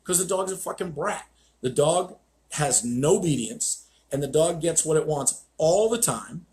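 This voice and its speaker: A man's voice: on the high side, animated, measured pace, darkish tone. Blunt, profane man ranting on a stream. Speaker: host, dog trainer. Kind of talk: live-stream monologue.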